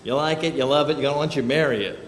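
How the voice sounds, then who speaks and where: A man's voice: a little high, quick pace, in a large hall, slight background noise. A man preaching a casual sermon in a church sanctuary, telling folksy stories with joking asides. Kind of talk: conversational sermon.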